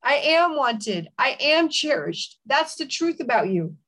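A woman's voice: sits high, very animated, measured pace, fairly bright tone. A woman podcast host who talks with her guest and leads prayer, declaring encouraging affirmations. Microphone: podcast mic.

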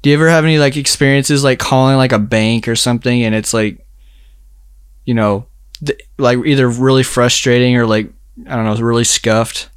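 A young man talks in a loose, rambling way, piling up filler words and breaking into laughs. His voice is smooth and clean, recorded close and dry with no room sound. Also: medium pitch, steady tone, moderate pace, no echo. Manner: rambling, filler-heavy, laughs while telling a story. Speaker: storyteller in a casual chat. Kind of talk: casual chat.

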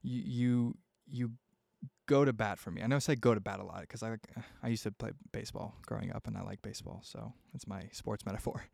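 A man's voice: fairly low pitch, fairly even intonation, brisk, gravelly, a little mellow, dry recording, clean studio sound. A young man hosting his own podcast, talking casually and heartfelt with lots of fillers and swearing. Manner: rambling, heartfelt, swears freely, many fillers. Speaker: podcast host. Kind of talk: casual solo podcast talk.

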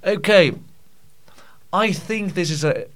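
A man's voice: mid-range voice, expressive, unhurried. A man hosting a storybook show, chatting casually and self-deprecatingly with many fillers and restarts. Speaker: host and story reader. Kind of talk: casual behind-the-scenes chat.

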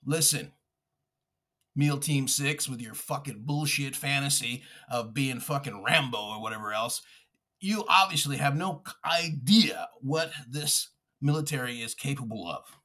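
A man's voice: medium pitch, expressive, a little slow, pushed and bright. A man hosting a podcast, delivering a furious, profane political rant with mocking asides. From United States. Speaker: podcast host.

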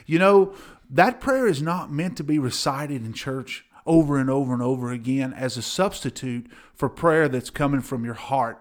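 A middle-aged man, a pastor, talking earnestly and enthusiastically in a casual ministry chat, with many fillers and repeated words. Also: fairly high pitch.

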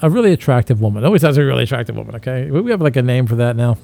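A man's voice: mid-range voice, animated, rapid-fire, creaky, mellow. A man hosting a comedy podcast, rambling in crude banter and slipping into mocking voices.

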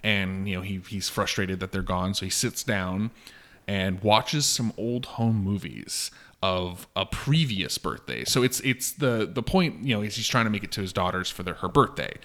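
A married man co-hosting a podcast, chatting casually about a film, rambling with lots of "like" and loud acted-out quotes. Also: deep voice, lively intonation, normal speed. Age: adult, long married. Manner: rambling, heavy on "like", acts out quotes with big jumps in loudness. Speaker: podcast co-host.

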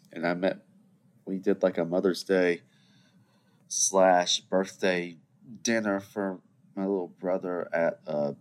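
A man's voice: low voice, slight background noise. A man in his twenties hosting a solo podcast, rambling chattily with joking asides to his listeners. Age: 20s. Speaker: podcast host. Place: seated at a computer indoors.

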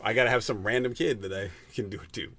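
Appearing as a guest on his wife's podcast, a man chats casually, joking, rambling and laughing a lot. His voice is on the low side, steady and quick, against a noisy background.

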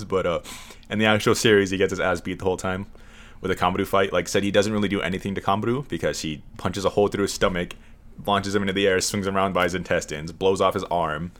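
Male co-host, very deep voice, rambling profane casual chat. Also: a bit bright.

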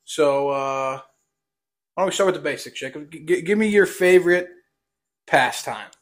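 Rambling young man, high-ish voice. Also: normal speed. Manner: rambling, repeats words, self-described stutter. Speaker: podcast co-host. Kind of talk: casual chat.

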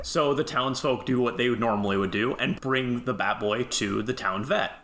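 A man's voice: medium pitch, moderate pace, fairly bright tone, a little hiss or hum. Chatty young man, self-mocking. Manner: self-deprecating, chuckles while telling stories. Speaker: guest. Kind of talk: casual chat.

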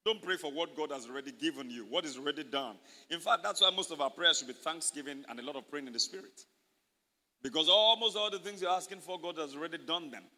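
A man's voice: on the high side, fast, pushed and bright. A male pastor preaching a sermon, emphatic and repetitive, calling out to the congregation for responses. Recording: reverberant hall.

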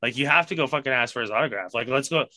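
A man on a podcast telling a story casually, swearing constantly and animated in his retelling. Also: medium pitch, very fast, no echo. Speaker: podcast co-host.

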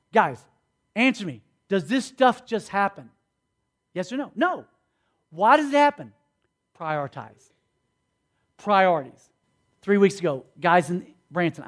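Male preacher, high voice, animated storyteller who acts out the dialogue. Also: moderate pace, long pauses. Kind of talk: sermon storytelling.

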